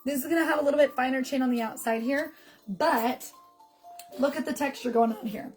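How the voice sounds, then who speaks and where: Woman, fairly high voice, friendly live-stream sales chat, talks into her phone, faint music behind. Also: fairly quick, darkish tone, poor audio. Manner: chatty, affectionate, greets viewers by name. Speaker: jewelry seller on a live stream. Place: home, filming herself on a phone. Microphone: phone camera in selfie mode.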